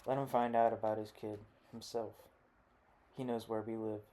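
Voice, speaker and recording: A man reading as a gruff backwoods father. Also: lowish voice, flat delivery, moderate pace, dark tone, close to an everyday voice. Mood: grudging. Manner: gruff, blunt folksy talk. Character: rough, bitter rural father with a shotgun.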